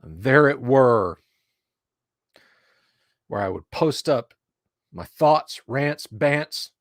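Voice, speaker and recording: Animated middle-aged man hosting a livestream. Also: medium pitch, drawn-out words, no room sound, studio quality. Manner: animated, hype-building and rambling. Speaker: livestream host. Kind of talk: casual livestream chat.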